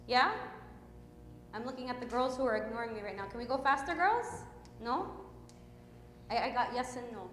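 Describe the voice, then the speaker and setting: Woman hymn teacher, patient and encouraging, with a bright high voice in a roomy, echoing church hall. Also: lively intonation, normal speed, pauses often, a little hiss or hum. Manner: patient coaching, counting off and praising. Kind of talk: teaching and singing liturgical hymns. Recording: echoey church hall with long reverb.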